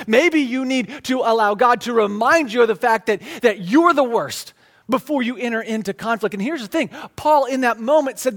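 A man's voice: very high-pitched, expressive, normal speed. A man preaching a sermon in a conversational, emphatic way, often restarting and repeating words. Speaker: pastor.

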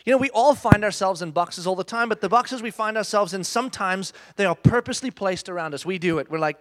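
Man, thirties, high-pitched, animated, self-mocking, storytelling sermon. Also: quick pace, few pauses. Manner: animated, self-mocking, addresses the audience directly. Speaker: speaker.

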